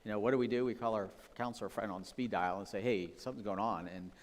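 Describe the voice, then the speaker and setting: A man's voice: fairly low pitch, fast, slight background noise. Pastor, man, chatty sermon delivery, church hall with long reverb. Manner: conversational, personal and full of asides. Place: church sanctuary.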